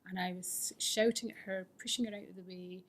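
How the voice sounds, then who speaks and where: A woman's voice: on the low side, fairly even intonation, brisk, a little hiss or hum. A middle-aged woman telling her own recovery story at a fellowship meeting, candid and self-mocking, often sinking into a whisper. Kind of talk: personal testimony talk.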